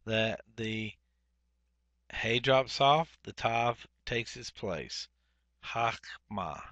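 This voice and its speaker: A man walks through a grammar lesson at an unhurried pace, saying each Hebrew word twice and working through it step by step. His voice is bright and a little tense. The sound is close and dry. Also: medium pitch, animated, dry recording, muffled recording. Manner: deliberate, repeats each Hebrew word twice, frequent "uh" fillers. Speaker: Biblical Hebrew teacher. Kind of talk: workbook lesson, explaining grammar.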